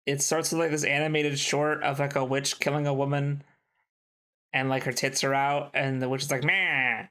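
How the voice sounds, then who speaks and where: A man co-hosting a podcast, casually retelling film plots in a rambling, animated way. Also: mid-range voice, moderate pace. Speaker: podcast co-host. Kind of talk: casual chat.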